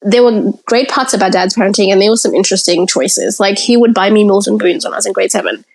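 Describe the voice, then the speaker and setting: A fast-talking woman with a medium-pitched, steady, darkish voice and some vocal fry is heard on a rough recording. She's a podcast guest candidly telling her childhood story in the present tense within a conversation.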